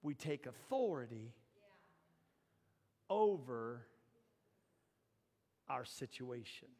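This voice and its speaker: A man preaching a sermon in a church, shifting from low, confiding talk to loud, shouted exhortation. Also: very animated, drawn-out words, in a large hall. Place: church sanctuary.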